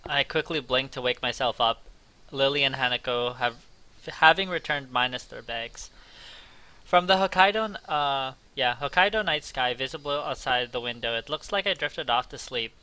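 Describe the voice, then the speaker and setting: Bright-voiced man reading a game aloud. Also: mid-range voice, moderate pace, rough recording. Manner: casual, jokey asides with swearing. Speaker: let's play host. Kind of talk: reading visual novel narration aloud.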